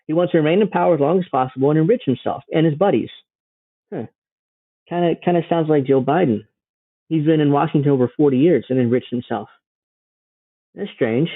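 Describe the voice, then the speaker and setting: A man's voice: fairly high pitch, brisk, pauses often, dry recording. A man giving casual, sarcastic reaction commentary on a news clip, mocking and swearing freely. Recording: dry, phone-like narrow sound.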